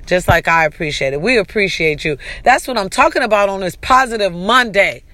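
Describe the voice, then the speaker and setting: A woman's voice: medium pitch, a little fast, no room sound. A woman, talking casually and animatedly to her followers, cheering them on and calling out to them often. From California. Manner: chatty, animated, calls out to the audience. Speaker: vlogger. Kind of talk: casual motivational talk to camera.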